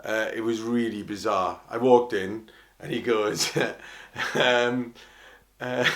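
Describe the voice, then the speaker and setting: A man's voice: mid-range voice, a bit bright. Chatty Welsh man telling stories. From Wales. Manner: chatty, self-mocking, quick to laugh. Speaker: opera singer. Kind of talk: casual anecdotal storytelling.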